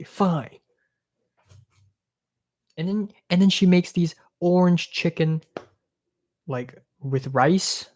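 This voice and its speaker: A man's voice: on the high side, a little mellow. Young male streamer, exasperated and sweary, sarcastic casual rant. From Hong Kong. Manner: profane, exasperated, sarcastic ranting. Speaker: live streamer.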